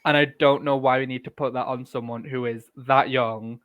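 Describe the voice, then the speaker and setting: A man's voice: medium pitch, steady tone, moderate pace, phone-quality sound. A man in his early twenties co-hosting a podcast, candid and opinionated, talking in long rambling runs. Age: 20s. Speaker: podcast co-host. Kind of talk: casual chat.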